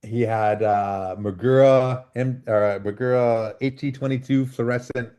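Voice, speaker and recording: A middle-aged man from Canada, a freeride mountain biker telling lively stories as a podcast guest over a video call and acting out the dialogue. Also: medium pitch, measured pace, clean tone. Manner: animated storyteller, acts out quoted dialogue. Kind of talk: casual storytelling interview.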